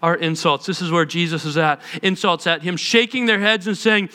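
A male pastor preaching a sermon in an animated storytelling manner, repeating phrases for emphasis. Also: high-pitched, normal speed, hardly any pauses, clear, resonant tone. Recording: long hall reverb.

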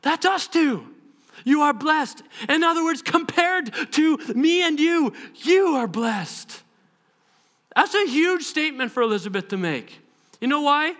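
A man preaching a sermon as pastor, animated and bursting into shouted voices as he acts out scenes. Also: very high voice.

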